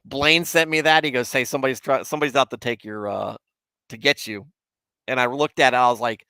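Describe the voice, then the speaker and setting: A man hosts a casual livestream, reading viewer comments aloud and chatting with them. He rambles and mocks himself, slipping into mock indignation. His voice sits at an ordinary male pitch and is recorded dry and close. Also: brisk, bright, forceful tone, dry recording. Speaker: livestream host.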